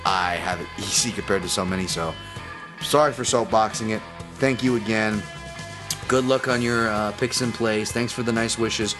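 Low voiced dude rambling on his podcast, curses a lot, restarts sentences all the time. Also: normal speed, over music. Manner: rambling, swears freely, frequent restarts. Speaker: podcast host, fight analyst. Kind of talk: casual solo podcast talk.

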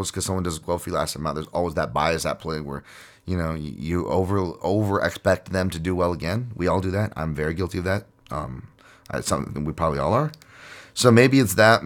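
A man's voice: deep voice, a bit bright. A man hosting a podcast in casual chat, rambling and jokey with frequent swearing and fillers. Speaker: podcast host.

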